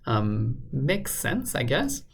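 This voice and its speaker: A man solving a crossword out loud, muttering guesses and filling pauses with lots of ums and uhs. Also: medium pitch, very animated, creaky, a little hiss or hum. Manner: muttering, hesitant, many fillers. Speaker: crossword solver. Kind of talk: thinking aloud while solving a puzzle.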